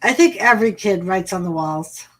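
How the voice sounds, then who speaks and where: A woman with a medium-pitched, fairly bright voice hosts a casual livestream chat from her room at home. She tells stories in a loose, unhurried, profane way. The recording quality is low.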